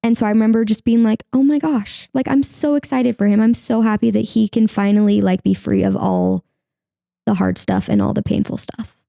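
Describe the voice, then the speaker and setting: Young woman with a creaky, warm voice. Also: mid-range voice, lively intonation, brisk, no echo, clean studio sound. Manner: candid, heavy use of "like", acts out her own past words. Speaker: podcast guest. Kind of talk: emotional personal interview.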